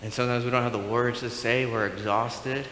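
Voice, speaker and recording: A man's voice: medium pitch, steady tone, fairly quick, fairly bright tone, a little hiss or hum. Conversational man preaching in an echoey hall. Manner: conversational, asks the congregation questions. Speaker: pastor. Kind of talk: sermon. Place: church sanctuary.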